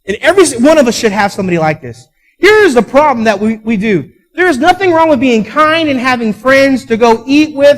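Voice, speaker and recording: A man's voice: very high voice, sing-song, fairly quick, low-quality recording. A man preaching a sermon as pastor, telling stories with emphatic peaks and acting out quoted voices. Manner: storytelling, acts out quoted voices; emphatic, rising to loud peaks.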